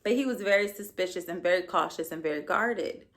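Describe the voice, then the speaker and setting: A woman's voice: on the low side, fairly quick, a bit bright. A young adult woman hosting her own podcast, giving a casual solo recap in a sassy, blunt and profane way with playful asides. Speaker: podcast host.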